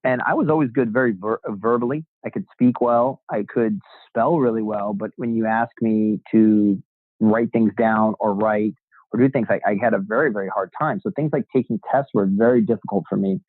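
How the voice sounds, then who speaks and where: A man's voice: fairly low pitch, normal speed, dry recording. A man, a real estate agent as a guest, telling his story in a casual interview and acting out the voices of people he quotes, swearing freely. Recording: dry, tinny phone-like sound.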